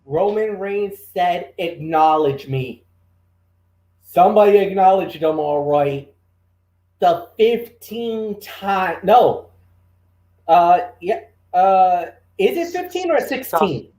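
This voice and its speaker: A man co-hosting a wrestling review show, talking casually with loud exclamations and many fillers. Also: high voice, expressive, slow pace. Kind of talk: excited casual podcast chat.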